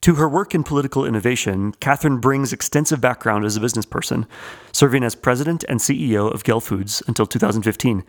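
A man's voice: medium pitch, fast talker. Earnest man hosting a podcast. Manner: earnest, gentle, inspirational. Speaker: podcast co-host. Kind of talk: scripted podcast intro.

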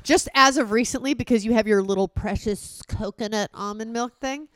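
A woman in her thirties co-hosting a podcast, teasing her partner in lively casual banter. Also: on the high side, moderate pace, no echo, clean studio sound. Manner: teasing, animated storytelling. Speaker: podcast co-host.

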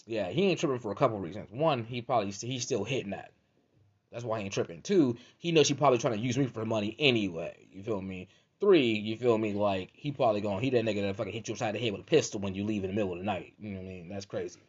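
A man's voice: on the low side, fast talker. Profane ranting man, dull lo-fi audio. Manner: profane, repeats "you feel me". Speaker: podcast host. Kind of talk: comedic rant monologue.

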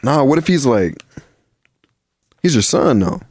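A man's voice: medium pitch, unhurried, breathy edge, no room sound, studio quality. A man co-hosting a podcast in casual chat, telling stories animatedly and laughing often. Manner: animated storytelling, laughs a lot. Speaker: podcast co-host.

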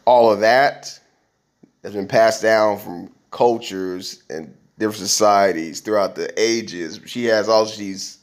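A man's voice: fairly low pitch, a little slow. Rambling man podcasting solo. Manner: rambling, conversational, with many restarts and fillers. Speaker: podcast host. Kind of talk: casual monologue.

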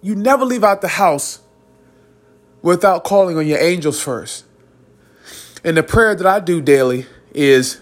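A man's voice: sits high, lively intonation, a little slow, pauses often. A man hosting a podcast, giving a rambling, earnest spiritual monologue and chuckling between phrases. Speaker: podcast host.

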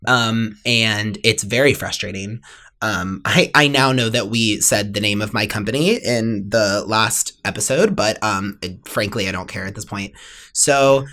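A woman's voice: rumbling low, moderate pace, a bit bright. A young woman co-hosting a podcast, talking casually with many fillers and an exasperated, ranting manner. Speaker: podcast co-host. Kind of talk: casual chat.

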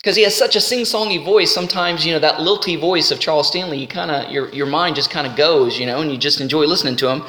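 A man teaching a sermon in a conversational, animated way, slowing down to read scripture. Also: fairly high pitch. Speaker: Bible teacher. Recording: roomy hall with long reverb.

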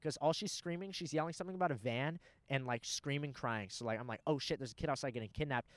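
A man's voice: mid-range voice, quick pace, no room sound. A young man telling rambling, profane stories in casual chat. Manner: animated, profane storyteller.

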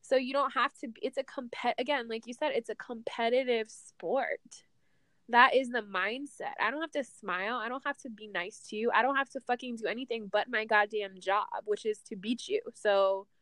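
A woman's voice: fairly high pitch, fairly even intonation, moderate pace, fairly bright tone, no room sound. A woman co-hosting a casual sports chat, talking in a profane, emphatic and petty way. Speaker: podcast co-host.

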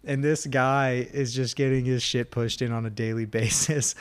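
Young man from Texas, podcast co-host, lively storyteller who loudly acts out barked lines. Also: mid-range voice, moderate pace, clean tone. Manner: animated storyteller, acts out drill instructors loudly, laughs often. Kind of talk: casual storytelling chat.

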